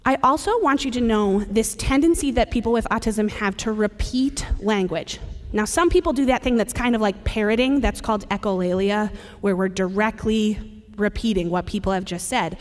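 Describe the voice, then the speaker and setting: A woman's voice: mid-range voice, moderate pace. A woman giving a conference presentation, talking to the audience in a conversational, humorous way. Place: large conference hall. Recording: long reverb of a large hall.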